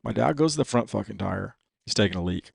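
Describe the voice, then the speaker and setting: A man in his fifties, a racer from California, telling stories on a podcast in a profane, animated way and saying "dude" all the time. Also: lowish voice, fast, creaky, slightly rough, dry recording, studio quality. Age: 50s. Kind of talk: casual storytelling.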